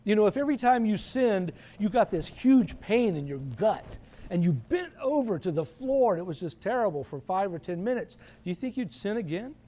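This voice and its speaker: A man, a priest, giving a conversational sermon and slowing down to quote scripture. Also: high voice, lively intonation, dark tone.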